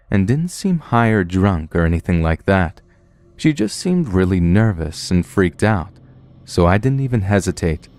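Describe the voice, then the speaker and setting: A man giving a scripted narration of a true horror story in a calm, matter-of-fact way. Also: sits low.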